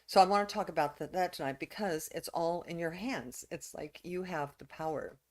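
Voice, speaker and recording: A woman minister preaching a reflective sermon, pausing with fillers and restarts. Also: on the low side.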